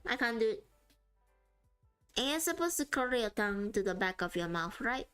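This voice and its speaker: Giggly woman streamer with a slightly high voice and faint music underneath, casual live chat while drawing. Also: sing-song, normal speed, fairly bright tone, clear, resonant tone. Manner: giggly and chatty, often laughing mid-sentence.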